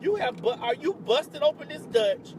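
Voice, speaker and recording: A woman's voice: high-pitched, lively intonation, normal speed, background noise. A woman telling a dramatic storytime on her vlog, sassy and profane, with bursts of exclamation. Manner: exclamatory outbursts of disbelief. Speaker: vlogger.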